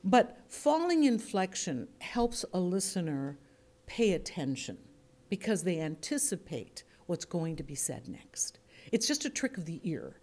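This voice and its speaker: Woman from the US, workshop instructor; conversational and demonstrative, plays with pace and pitch to make points. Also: very animated, a little slow, darkish tone. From United States. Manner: chatty, demonstrative, shifts pace and inflection to illustrate points. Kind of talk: workshop lecture to a group.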